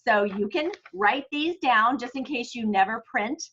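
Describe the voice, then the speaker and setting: A woman's voice: on the high side, a little slow, bright, forceful tone, slightly rough, highs cut off. A woman giving sales training in a chatty way, telling of her own practice. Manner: chatty, self-correcting, tells stories of her own practice. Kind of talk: training talk to a sales team.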